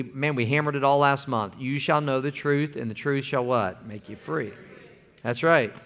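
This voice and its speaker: A man delivers a sermon from the pulpit. His voice sits a little high and he talks in a folksy, conversational way. He keeps pulling the congregation in, asking them to answer back. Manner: folksy, calls for congregation responses. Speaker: pastor.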